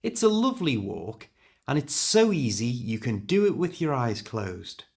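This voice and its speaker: A man reading aloud voices a genial older farmer with a Welsh accent in a storybook. His talk is friendly and helpful, with a lively lilt. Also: mid-range voice, a little slow, creaky, slightly rough, exaggerated voice.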